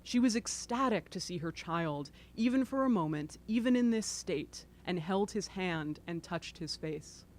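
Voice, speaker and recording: Expressive woman reading from her book. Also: fairly low pitch, unhurried, few pauses, a little hiss or hum. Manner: expressive, self-deprecating asides. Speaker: author. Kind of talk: reading aloud from her book, then commentary. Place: bookstore event.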